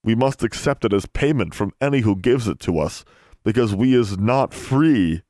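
A man performs a young male elf who pleads earnestly in broken grammar. The voice is pitched above his own yet stays close to an everyday voice, fairly low with lively intonation, normal speed and a slightly mellow tone, in clean studio sound with no echo.

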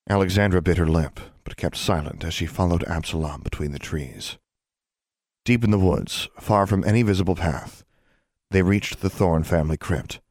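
A man narrating a storybook in a steady, measured way. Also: low-pitched, no echo, studio quality. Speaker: audiobook narrator.

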